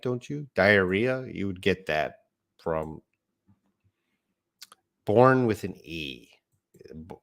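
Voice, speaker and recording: Low, unhurried man teaching English. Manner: patient, explains words step by step, corrects himself. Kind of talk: live online English lesson.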